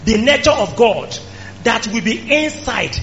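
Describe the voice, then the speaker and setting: Male preacher, high-pitched and emphatic; muffled lo-fi recording. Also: big pitch swings, measured pace. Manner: emphatic, rising to shouts. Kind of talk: sermon. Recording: dull lo-fi recording with faint hum.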